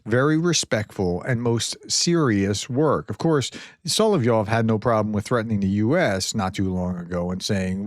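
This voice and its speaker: A man's voice: lowish voice, normal speed, dry recording, studio quality. A man giving earnest, casual commentary on translated clips, paraphrasing quotes in a plain reading voice.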